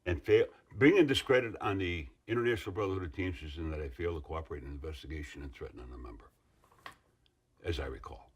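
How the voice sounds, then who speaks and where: Deep, husky middle-aged man recounting. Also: fast talker. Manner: rambling, earnest storytelling with restarts and asides. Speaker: interviewee, former union member. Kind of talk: interview recollection.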